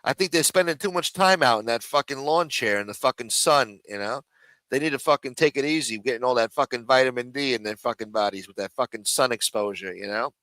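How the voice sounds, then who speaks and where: A man's voice: mid-range voice, brisk, pushed and bright, no echo, low-quality recording. A man hosting a live stream, ranting and mocking in casual, profanity-heavy talk. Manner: profane, mocking, rambling rant.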